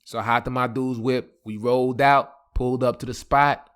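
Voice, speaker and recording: A man hosting a podcast, telling a comic personal story in slangy, animated talk. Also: medium pitch, moderate pace, clean tone. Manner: animated, slangy, laughing asides. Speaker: podcast host. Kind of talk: comedic storytelling.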